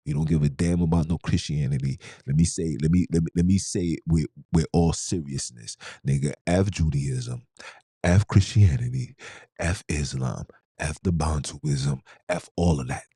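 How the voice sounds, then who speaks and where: A man's voice: a bass voice, normal speed, mellow, husky, no room sound, studio quality. A man hosting a podcast, delivering a preachy, fired-up monologue full of rhetorical questions and streetwise slang. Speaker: podcast host. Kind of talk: impassioned monologue.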